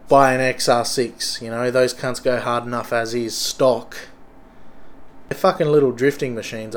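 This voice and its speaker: Young Aussie guy, thick accent, mid pitch, rambling sweary vlog monologue. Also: a little mellow. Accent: Australian. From Australia. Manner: sweary, rambling, blokey slang.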